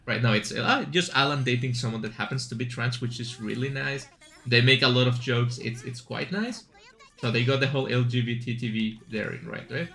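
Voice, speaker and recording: A man's voice: mid-range voice, normal speed, fairly bright tone. A man streaming a game, chatting casually and rambling with asides and fillers as he plays. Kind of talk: casual chat while gaming.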